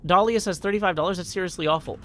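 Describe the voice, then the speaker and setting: A man's voice: high-pitched, rapid-fire, fairly bright tone, slight background noise. A man live-streaming a game, reading chat messages aloud and answering them in a wry, self-deprecating way.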